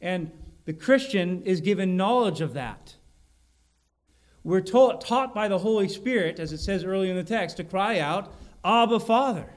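Earnest man preaching, slightly high voice. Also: animated, normal speed. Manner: earnest, explanatory, repeats key words for emphasis. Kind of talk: expository sermon on a Bible passage.

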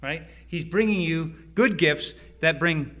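A middle-aged man preaching a sermon, with emphatic repeats and sudden drops to a hushed voice. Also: fairly high pitch, takes it slowly. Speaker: pastor.

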